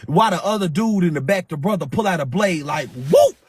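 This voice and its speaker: A man's voice: high-pitched, fairly quick, husky, no room sound. A man hosting a livestream, telling a fight story in casual, profane slang and acting it out with sound effects. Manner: animated, sound-effect-heavy retelling. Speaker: livestream host.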